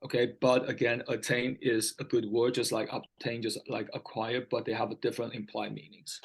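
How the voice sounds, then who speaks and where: A man's voice: mid-range voice, level tone, normal speed, gravelly, breathy edge, poor audio. A man tutoring English one-on-one, patiently repeating key words and often checking whether his student understands. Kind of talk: one-on-one vocabulary lesson.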